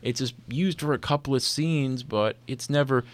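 A podcast host with a medium-pitched voice talks at a moderate pace in a loose, chatty film discussion, scattering "like" fillers all through his speech.

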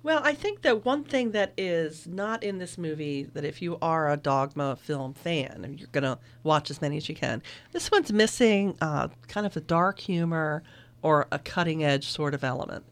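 A woman's voice: low-pitched, lively intonation, normal speed. A middle-aged woman who teaches film, talking it over casually and thoughtfully and laughing easily. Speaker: film instructor and guest.

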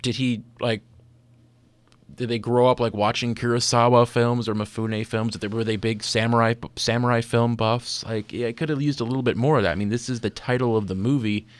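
A man's voice: medium pitch, fairly even intonation, brisk, no room sound. A man hosting a casual film chat, talking loosely with lots of "like" fillers. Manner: chatty, full of "like" fillers. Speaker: podcast host.

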